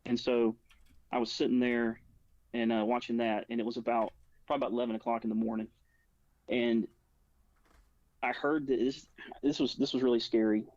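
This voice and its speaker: A man's voice: medium pitch, level tone, a little fast, long pauses, a little mellow, dry recording. A man tells a long personal story in a level, unvaried voice. He rambles, leans on "like" and keeps restarting his sentences. The recording is dry and a little dull. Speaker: guest recounting a personal experience. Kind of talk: casual spoken storytelling.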